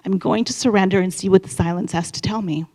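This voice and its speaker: A woman's voice: medium pitch, quick pace, a little mellow. A woman in her fifties telling a candid personal story on stage at a live event, chatty and acting out her own inner voice. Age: 50s.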